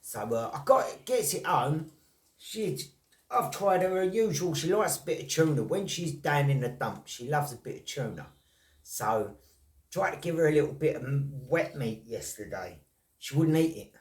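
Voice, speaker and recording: Man vlogger, rambling, blunt, sweary, higher pitch, off-mic. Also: very animated, moderate pace. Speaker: vlogger on snaring and trapping. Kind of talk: casual chat to camera. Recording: roomy, from a distance.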